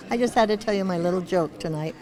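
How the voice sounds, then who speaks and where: A woman's voice: medium pitch, darkish tone. A woman in her eighties answering a red-carpet interview, rambling and joking with frequent chuckles. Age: 80s. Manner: wandering, searches for words. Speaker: award honoree being interviewed.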